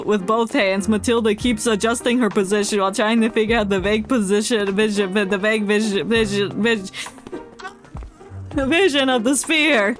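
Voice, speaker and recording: A woman streaming a video game, chatting casually, laughing often and reading the game text aloud. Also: a little high. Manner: giggly, rambling, reads game text aloud. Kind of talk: casual chat while playing a game. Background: game music.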